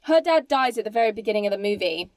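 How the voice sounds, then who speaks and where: A woman's voice: medium pitch, lively intonation, fast talker, a little mellow, no room sound. A woman co-hosting a casual film podcast, emphatic and swearing freely as she talks. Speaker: podcast co-host.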